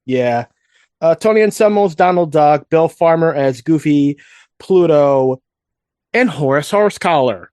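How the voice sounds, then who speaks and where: A man co-hosting a nostalgic fan podcast, talking in a loose, rambling way with many restarts. His voice sits a little high for a man. It is recorded close and dry, with no room sound. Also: animated, measured pace, a little mellow, clean tone, no room sound. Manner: rambling, with frequent restarts and asides. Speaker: podcast co-host. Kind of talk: casual fan podcast chat.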